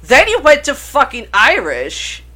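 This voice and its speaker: A woman's voice: sits high, huge pitch swings, measured pace, sharp tone. A woman co-hosting a casual chat about horror films, rambling and swearing freely. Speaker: podcast co-host.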